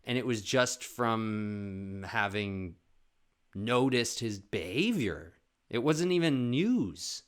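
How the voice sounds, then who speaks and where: A man's voice: expressive, slow pace. A man putting on the voice of his flustered, chirpy middle-aged mother while he tells a story. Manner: high, gushing, flustered.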